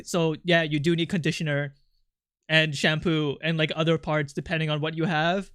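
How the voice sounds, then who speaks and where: A man's voice: on the high side, normal speed, a bit bright, no echo, clean studio sound. A young man streaming his art, chatting casually with his chat in an irritable, snappy way, swearing and venting.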